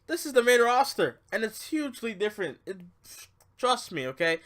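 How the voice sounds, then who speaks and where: A young man with a high, bright voice talks through a wrestling show in a loose, ranting style. He drops to low mutters, then bursts out loud and swears. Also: normal speed. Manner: animated, swings between muttering and loud outbursts, swears. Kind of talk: casual rant review.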